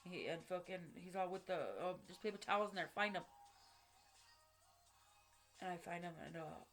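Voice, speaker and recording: A woman speaks directly to her camera in a somewhat low voice, recounting her own story in blunt, heavily profane, halting bursts full of restarts. Faint music plays quietly underneath her voice. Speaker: vlogger recounting a personal story. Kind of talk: unscripted personal storytelling.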